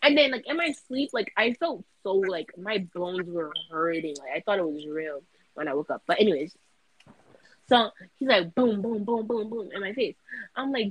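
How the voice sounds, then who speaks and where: A young woman on a casual podcast, telling a dream in an animated way, full of fillers. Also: mid-range voice, moderate pace, slightly rough, rough recording. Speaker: podcast co-host, student. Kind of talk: casual chat, storytelling.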